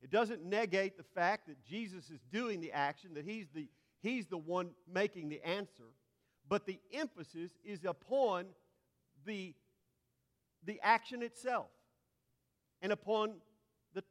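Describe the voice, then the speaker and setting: A man's voice: sits high, unhurried, pauses often. A man preaching a teaching sermon, often repeating and restarting words before climbing to emphatic peaks. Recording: long hall reverb.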